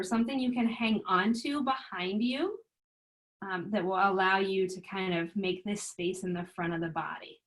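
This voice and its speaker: A woman yoga instructor giving calm, gentle breath and stretch cues in a guided chair yoga class. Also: on the high side, rough recording.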